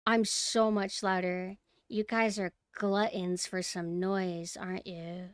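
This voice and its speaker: A woman streaming a game and chatting casually with her viewers, swinging between quiet murmurs and loud exclamations. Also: medium pitch, level tone, slow, clear, resonant tone, no echo. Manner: chatty, talks to chat directly. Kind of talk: casual gameplay livestream chat.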